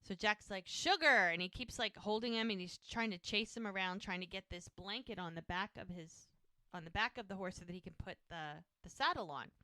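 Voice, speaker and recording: Woman, podcast co-host, casual recap, quotes dialogue, bright tone. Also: medium pitch, fairly quick, no echo, clean studio sound. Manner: retells scenes with quoted dialogue.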